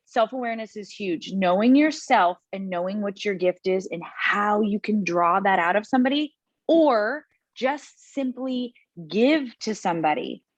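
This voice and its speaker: A woman speaking as a guest on a video call, giving a motivational talk in an energetic, emphatic way and repeating points for effect. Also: medium pitch, measured pace, dry recording, lo-fi sound.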